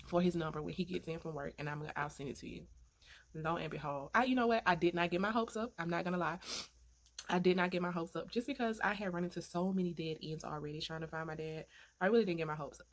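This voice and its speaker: A woman's voice: fairly low pitch, fast. A woman vlogger telling a heartfelt personal story in an earnest way, repeating phrases for emphasis and turning to faith-filled encouragement.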